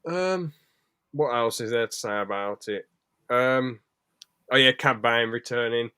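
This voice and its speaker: A man's voice: medium pitch, measured pace, pushed and bright, clean tone, no echo. A man co-hosting a podcast in casual chat, rambling with sweary, jokey asides. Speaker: podcast co-host.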